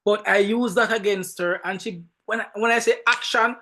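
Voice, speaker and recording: Animated Jamaican man, fairly high voice. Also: normal speed. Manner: animated, emphatic storytelling with frequent word repeats. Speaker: film director and guest. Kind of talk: casual podcast interview.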